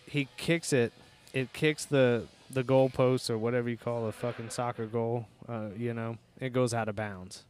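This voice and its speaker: A man, telling profane, joking stories about his kids on a casual podcast. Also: mid-range voice. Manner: profane storytelling, loose and joking. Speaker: podcast host, father.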